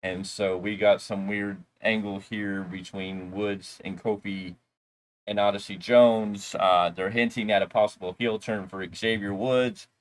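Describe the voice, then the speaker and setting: A man's voice: on the low side, fairly even intonation, unhurried. A man co-hosting a wrestling review show, recapping the episode in a rambling, casual way with loose asides.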